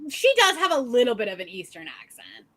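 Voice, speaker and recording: A woman's voice: a little high, big pitch swings, fairly quick, fairly bright tone. A woman chatting on a livestream, teasing her friends and giggling. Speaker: readathon co-host. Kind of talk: casual group chat on a livestream.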